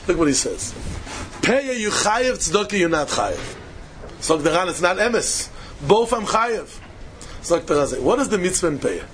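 A man's voice: high-pitched, a bit bright, a little hiss or hum. A man giving a Talmud study lecture, asking questions and repeating key points to press them. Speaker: Talmud teacher.

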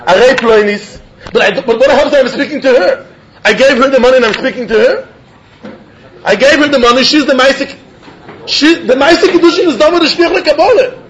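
High-voiced man teaching Talmud. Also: fairly quick. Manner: animated, chuckling, repeats words while reasoning aloud. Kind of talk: Talmud study lesson. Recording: dull lo-fi recording.

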